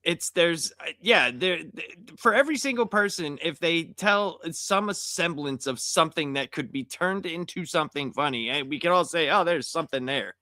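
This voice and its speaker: A man on a panel, talking in a sarcastic, deadpan way in casual chat. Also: a little high, normal speed, hardly any pauses, no echo, clean studio sound.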